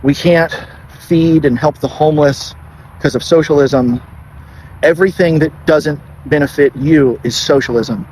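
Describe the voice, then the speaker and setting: A man's voice: a little high, measured pace, a little mellow, a little hiss or hum, rough recording. A man ranting about politics, indignant and accusing, repeating his points. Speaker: commentator. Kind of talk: passionate political rant.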